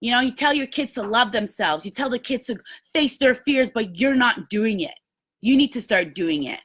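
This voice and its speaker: A woman's voice: on the high side, lively intonation, normal speed, fairly bright tone, slightly rough. A woman giving an emphatic, blunt motivational talk to a sales team, with some mild swearing. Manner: emphatic, blunt, mildly profane pep talk.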